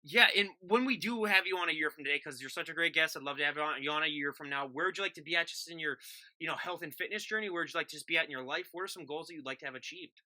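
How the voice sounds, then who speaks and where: A Minnesotan man hosts a casual interview and rambles through tangents at a rapid clip. His voice is very bright and forceful, and he sounds tired after a day of work. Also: a little high. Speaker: podcast host.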